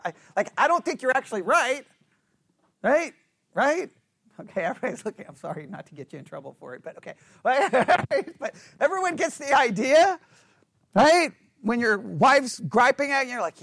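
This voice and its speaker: Man, Bible study teacher, playful, conversational, high-pitched, very animated. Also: moderate pace, no room sound. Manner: conversational, playful, acts out sarcastic lines, frequent "right?" checks.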